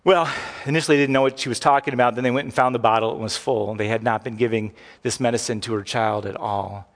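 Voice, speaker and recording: A man's voice: mid-range voice, fairly even intonation, quick pace. A middle-aged man preaching a sermon as pastor, talking conversationally with frequent asides and restarts. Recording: long hall reverb.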